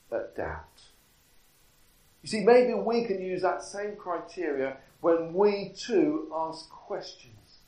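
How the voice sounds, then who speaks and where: A man preaching a sermon in a church, deliberate and full of rhetorical questions. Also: a little high, darkish tone. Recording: echoey, from a distance.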